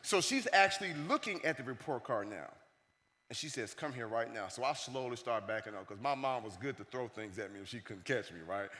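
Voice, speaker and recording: Keynote speaker guy telling a story, slips into everyone's voices, sharp bright tone, lots of hall echo. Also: medium pitch, fairly quick. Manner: animated, acts out the voices of the people in his stories. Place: conference hall stage. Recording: long reverb of a large hall.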